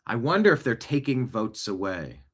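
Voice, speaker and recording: Medium in pitch and slightly rough, the host's voice has a sing-song lilt and a moderate pace. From a seat in his home studio, he reacts to clips with casual, wandering political talk and conversational asides.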